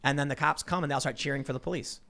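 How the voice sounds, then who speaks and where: Fast-talking male podcast host. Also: mid-range voice. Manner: fast, animated storytelling with stammered restarts. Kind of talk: casual political talk show chat.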